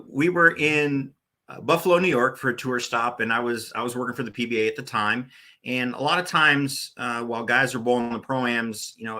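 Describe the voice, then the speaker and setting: A man's voice: medium pitch, sharp tone. A man in his forties, a podcast guest, telling stories in a loose, rambling way with plenty of restarts. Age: 40s. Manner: rambling, many restarts and "uh" fillers. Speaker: podcast guest, former bowling tournament director. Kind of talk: casual storytelling interview.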